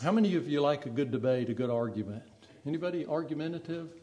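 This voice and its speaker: A man's voice: on the high side, lively intonation, quick pace, warm tone. A man preaching a sermon in a conversational way, acting out the quoted voices of the people he describes. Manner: conversational, acts out quoted speech.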